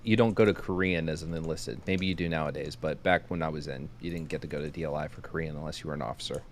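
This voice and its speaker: Low-voiced guy on a stream call, quick, self-deprecating. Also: slight background noise. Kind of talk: casual chat on a voice call.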